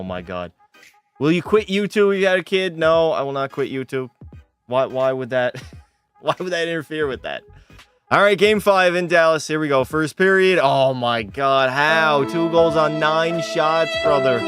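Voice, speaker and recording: Young guy streamer, fairly high voice, casual and profane, faint music under. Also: a bit bright, smooth. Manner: casual, swearing, frustrated outbursts. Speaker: gaming streamer. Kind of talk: live game commentary with chat.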